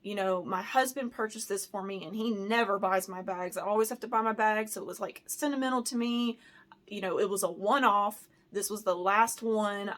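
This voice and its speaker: Brief: American woman vlogger, casual storytime, worked up, filler-heavy, mid-pitched. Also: normal speed, fairly bright tone. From United States. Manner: heated and emotional, with many "like" and "you know" fillers. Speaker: handbag vlogger.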